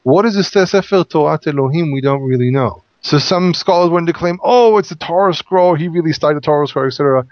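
A man's voice: a little high, quick pace, hardly any pauses, dry recording. A man casually teaching a Bible passage, explaining it in a loose, restarting way. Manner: explanatory, with frequent restarts and fillers. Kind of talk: casual Bible study discussion. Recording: dull lo-fi audio.

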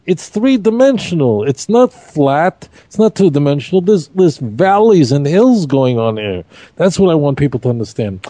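A man leads a Torah study class, emphatic and animated, with rhetorical questions. His pitch swoops up and down a lot, and his tone is mellow and rather high. The sound is dry and close. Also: moderate pace, dry recording. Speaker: Torah teacher.

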